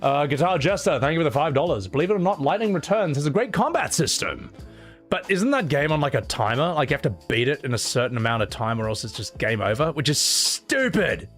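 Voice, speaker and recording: A man's voice: on the high side, very animated, a little fast, a bit bright, soft background music. A man livestreaming, chatting casually and reading donation messages. He rants with profanity and strong opinions. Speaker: streamer.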